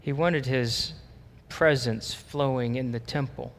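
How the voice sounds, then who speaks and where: A man's voice: medium pitch, steady tone, slow. A male pastor preaching a sermon, telling stories and then building to emphatic preaching. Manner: storytelling, rising to emphatic preaching. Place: church sanctuary. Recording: long reverb of a church hall.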